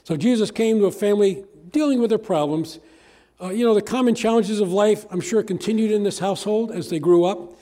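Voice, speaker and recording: Folksy older preacher, high mellow voice. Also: male voice, fairly quick. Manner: folksy, chatty, asks the congregation questions. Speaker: pastor. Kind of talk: conversational sermon.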